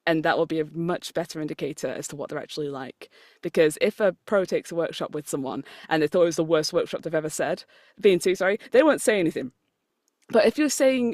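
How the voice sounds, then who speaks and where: A woman's voice: lowish voice, a little mellow, no room sound, studio quality. A British woman, a voice actor and coach, talking casually as a podcast guest, chatty and self-deprecating, laughing often and stumbling over her lines. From United Kingdom. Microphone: remote call recording.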